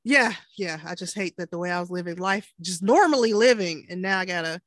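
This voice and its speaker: This podcast co-host, a woman in her thirties, has a fairly low-pitched voice and talks animatedly and fairly quickly. The chat is casual, with frequent laughter and acted-out quotes, and the recording has no echo.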